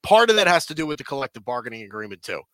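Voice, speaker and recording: A man's voice: medium pitch, sing-song, very fast, bright, forceful tone, dry recording. A man co-hosting a sports podcast, talking casually and rambling with lots of fillers and restarts.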